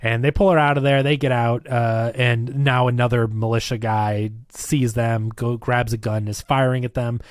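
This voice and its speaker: Animated man recapping a film, dry sound. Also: medium pitch, moderate pace, hardly any pauses, no echo. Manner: animated, acts out scenes with quoted voices. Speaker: film review podcast co-host. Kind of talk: casual movie discussion.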